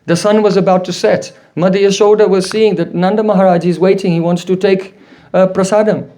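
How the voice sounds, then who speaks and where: A man's voice: high voice, a little fast. A man giving a devotional lecture, telling stories and checking in with rhetorical questions. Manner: animated storyteller, asks rhetorical "hmm?". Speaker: spiritual teacher.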